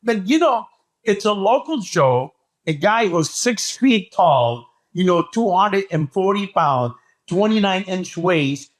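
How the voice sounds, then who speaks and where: A man telling a story as a podcast guest, talking excitedly and acting out what people said. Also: high voice, slow. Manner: acts out quoted dialogue, excitable. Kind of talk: animated storytelling.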